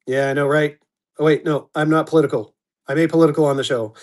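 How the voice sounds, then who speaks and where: A man running a live-stream auction, chatty and upbeat, slipping into a quick auctioneer chant, his voice going hoarse. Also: on the high side, a little mellow. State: losing his voice.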